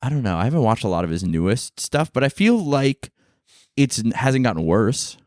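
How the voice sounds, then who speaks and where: A man's voice: mid-range voice, big pitch swings, moderate pace, a little mellow, no room sound, clean studio sound. A young adult man co-hosting a comedy podcast, swearing freely, talking over his partner and riffing off his jokes. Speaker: podcast co-host. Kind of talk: casual comedic banter.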